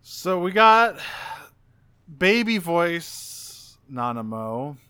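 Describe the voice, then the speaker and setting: A man's voice: a little high, sing-song, extremely slow, pushed and bright, smooth. A man co-hosting a casual podcast, reading off voice cast credits with dry asides. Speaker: podcast co-host. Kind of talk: casual chat about game voice actors.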